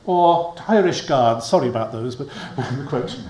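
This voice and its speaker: A man delivers a public history lecture to an audience in a lecture hall, wry in manner and prone to chuckling at his own asides. His voice is medium-pitched with a darkish tone at a normal speed, and the recording is echoey with a faint hum.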